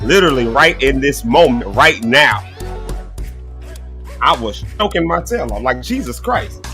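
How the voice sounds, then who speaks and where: A man hosting a casual live morning show, chatty and folksy, his throat rough from coughing. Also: medium pitch, very animated, measured pace, bright, forceful tone, faint music behind. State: choking, throat clearing.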